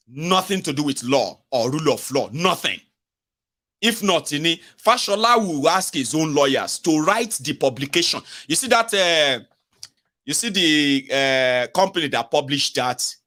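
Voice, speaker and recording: A middle-aged man with a Nigerian accent hosting a live-stream political commentary show, animated and sarcastic. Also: a little high. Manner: animated, sarcastic, drops into mock voices. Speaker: host.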